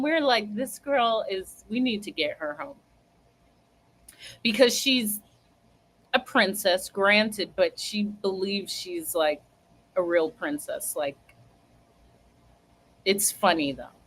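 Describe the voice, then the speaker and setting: A young woman with a fairly high voice tells a funny story in a casual way. She is animated and laughs often, and she acts out what other people said. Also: takes it slowly, low-quality recording.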